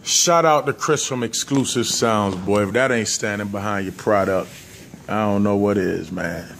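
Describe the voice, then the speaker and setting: A man with a Southern US accent chatting casually, telling an animated story among friends. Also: fairly low pitch, normal speed, vocal fry, slight background noise. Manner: animated storyteller, acts out quotes. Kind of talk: casual chat. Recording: music playing in background.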